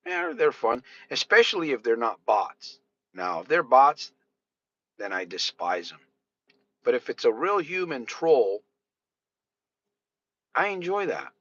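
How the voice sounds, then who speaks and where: A Connecticut-accented man hosts a live podcast in a mid-range, fairly bright voice, casually blunt and rambling, restarting frequently. The recording is dry, dull and lo-fi, with faint noise.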